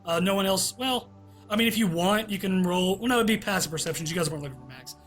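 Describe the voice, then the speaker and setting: A man narrating as game master in a tabletop game, halting, with many fillers. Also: high voice, fairly bright tone, soft background music.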